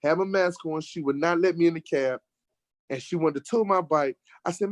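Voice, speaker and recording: An American man telling a lively road-trip story in casual conversation, getting worked up when he acts out arguments. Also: a little high, normal speed, dry recording. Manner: animated storyteller, rising sharply when acting out arguments. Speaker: guest telling a travel story. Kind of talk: casual storytelling in an online talk show.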